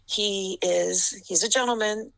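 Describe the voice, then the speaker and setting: A middle-aged woman, a basketball referee, telling animated stories in an interview and laughing often. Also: mid-range voice, measured pace, vocal fry, poor audio. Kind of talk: storytelling interview.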